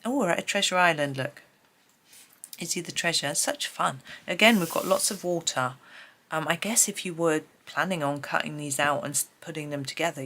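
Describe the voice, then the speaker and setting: A sleepy woman who has just woken up hosts a casual flip-through chat, musing aloud as she turns pages and laughing lightly. Her low-pitched voice sounds pushed and bright.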